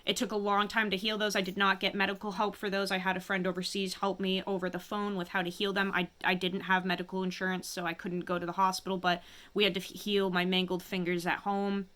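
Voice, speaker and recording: A woman telling a painful personal story to camera, halting and emotional, often stopping to steady herself. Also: mid-range voice. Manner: halting, emotional, many restarts and pauses. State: fighting back tears. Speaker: vlogger.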